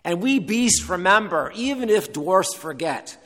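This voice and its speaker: A man's voice: high-pitched, expressive, a little slow, a bit bright, big-room sound, pitched above the performer's own voice. A man doing a steadfast talking badger. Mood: earnest.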